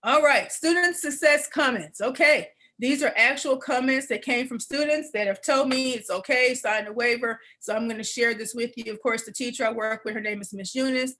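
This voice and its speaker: A woman presenting an adult education program on a video call, teary and warm as she repeats phrases and laughs. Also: a little high, moderate pace, few pauses, rough recording. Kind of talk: webinar presentation.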